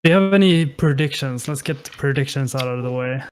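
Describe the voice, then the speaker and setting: A man's voice: medium pitch, fairly quick, clean tone, dry recording. A man casting a live online game tournament, hesitant and apologetic, with many fillers and restarts, on a headset mic. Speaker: esports caster. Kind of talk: casual live game commentary.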